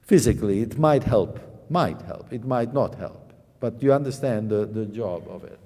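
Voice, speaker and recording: A man's voice: on the low side, normal speed. A man teaching a piano master class, singing musical phrases on syllables to show the playing, often repeating words and restarting sentences. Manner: sings phrases on syllables to demonstrate. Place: concert hall. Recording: reverberant hall with loud piano.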